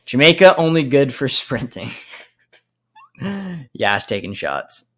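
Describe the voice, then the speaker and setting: Casual young Canadian stream host. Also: male voice, on the high side, very animated, unhurried, long pauses, a bit bright. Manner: reads viewer comments aloud and answers them, laughing often. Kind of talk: casual live-stream chat.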